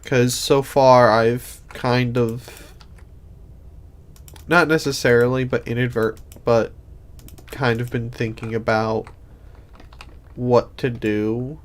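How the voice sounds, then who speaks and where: A man's voice: medium pitch, level tone, takes it slowly, long pauses. A sleepy man streaming a game in casual commentary, rambling and thinking aloud with many restarts. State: sleepy, yawning.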